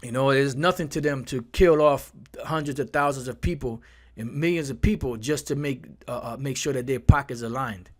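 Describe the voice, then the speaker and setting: In a mid-range, fairly quick voice, a furious man preaches from scripture, swearing hard and tripping over repeated words to drive his points home in a fiery, profane style.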